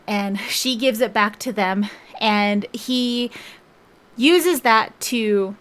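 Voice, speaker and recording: A woman's voice: mid-range voice, slow pace, a bit bright. A woman book vlogger recapping a novel's plot in a rambling, casual way, full of fillers and restarts. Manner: rambling, chatty, frequent "like" and restarts.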